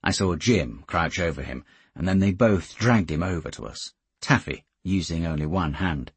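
A man narrating an audiobook in a steady, measured way. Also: low-pitched, slightly rough, dry recording.

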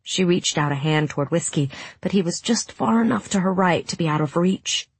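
Low husky woman narrating. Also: lively intonation, dry recording. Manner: measured, dramatic storytelling. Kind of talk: audiobook narration.

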